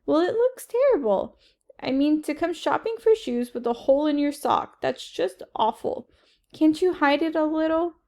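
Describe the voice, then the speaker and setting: A woman's voice: high voice, lively intonation, moderate pace, a little mellow, pitched above the performer's own voice. A woman reading aloud and voicing a fussy, worried mother who frets and insists. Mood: fretful. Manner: fretful, insistent.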